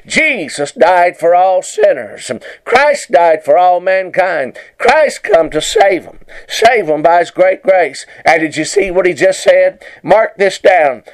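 A male preacher delivering a broadcast sermon with fervent conviction. His voice sits a little high for a man and swings widely in pitch as he reads scripture and presses each point home. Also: big pitch swings, slow, low-quality recording. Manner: fervent King James preaching, repeating "watch now".

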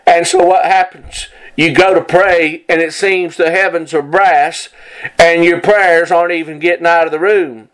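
A man's voice: on the high side, steady tone, normal speed, a bit bright, smooth, low-quality recording. A man preaching a sermon, reading scripture aloud and driving points home with repetition.

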